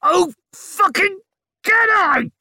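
A man's voice: very high voice, animated, slow pace, pushed and bright, dry recording, clean studio sound, pitched above the performer's own voice, full character voice. A male narrator voicing a furious young noblewoman in labour, snarling and screaming curses.

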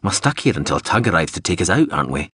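A man doing a quiet, anxious old crewman. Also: low voice, sing-song, husky, no echo, clean studio sound, exaggerated voice. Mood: worried. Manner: quiet and measured. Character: anxious older male crewman.

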